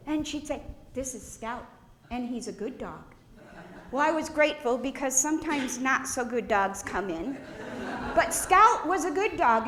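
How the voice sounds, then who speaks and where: A woman pastor giving a funeral eulogy in a church, telling stories with gentle laughs. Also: high-pitched. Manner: warm storytelling with gentle laughs. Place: church sanctuary. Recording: echoey church room.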